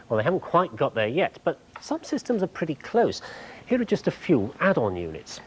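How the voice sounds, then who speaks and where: A man presenting a TV show, explaining technology clearly with a light humorous touch in a studio. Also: mid-range voice, low-quality recording.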